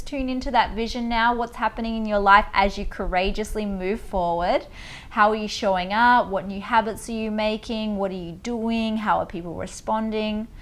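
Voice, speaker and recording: A woman coaching listeners through a guided tapping meditation, giving slow, soothing instructions and affirmations. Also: medium pitch.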